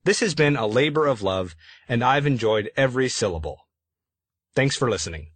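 A man reading his own afterword for an audiobook in a measured, explanatory way. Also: medium pitch, animated, dry recording. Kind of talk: read-aloud audiobook afterword.

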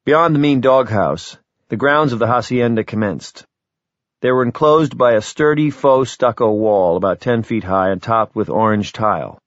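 Male audiobook narrator, steady and wry; dry, slightly lo-fi sound. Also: medium pitch, moderate pace, dry recording. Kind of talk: scripted narration. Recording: slightly dull, lo-fi recording.

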